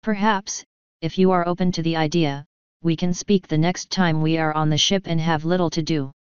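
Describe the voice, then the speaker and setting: A woman reading the part of a formal, composed royal lady, speaking in a measured, courteous way. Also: low voice, fairly even intonation, clear, resonant tone, no echo, muffled recording, lightly acted. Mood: polite. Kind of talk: audiobook reading of fan fiction.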